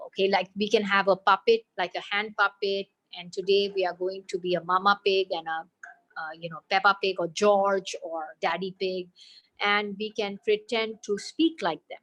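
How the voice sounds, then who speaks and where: A woman's voice: mid-range voice, fairly even intonation, normal speed, a bit bright, muffled recording. A woman with an Indian accent, speaking as an expert answering parents' questions in a webinar over a video call, explaining patiently and slipping into Hindi phrases. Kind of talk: webinar Q&A advice.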